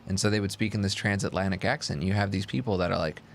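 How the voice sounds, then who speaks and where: A man's voice: low-pitched, fairly even intonation, fast talker, gravelly, a little hiss or hum. A young man co-hosting a podcast, chatting casually and rambling through his thoughts. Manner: chatty, rambling, puts on mock old-timey announcer voices. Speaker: podcast co-host. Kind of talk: casual chat.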